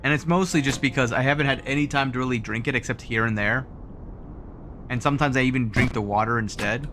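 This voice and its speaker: A man streaming a game live, joking and mocking himself with quick outbursts. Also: mid-range voice. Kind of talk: live gameplay commentary. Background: game music.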